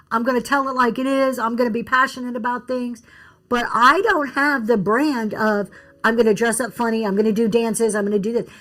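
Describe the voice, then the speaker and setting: A chatty woman talks shop to her livestream viewers, answering comments from chat as she goes. Her voice sits a little high, and faint music plays underneath. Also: a bit bright. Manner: chatty, reads and answers comments, restarts often. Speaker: livestream seller giving business talk. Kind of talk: casual livestream talk, reading chat.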